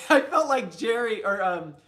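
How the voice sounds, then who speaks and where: Chatty middle-aged man, high voice. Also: very animated, measured pace, pushed and bright. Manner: chatty, storytelling, laughs easily. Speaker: co-host. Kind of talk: casual chat on a live stream.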